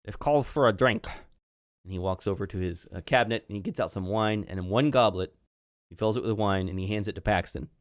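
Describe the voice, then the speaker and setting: A man narrating calmly as game master of a tabletop role-playing game. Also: deep voice, quick pace, clear, resonant tone, no echo, studio quality. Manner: calm, descriptive narration.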